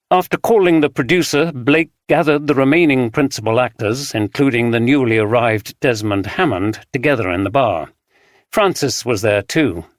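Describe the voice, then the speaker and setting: A man narrating a mystery audiobook in a measured, even reading. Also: medium pitch, no room sound, clean studio sound. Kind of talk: scripted narration.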